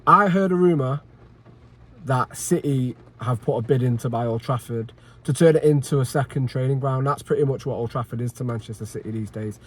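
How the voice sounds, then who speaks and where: A man's voice: medium pitch, fairly quick. A man giving an angry post-match reaction, frustrated and sweary, repeating himself and sighing. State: agitated. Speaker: football fan channel host.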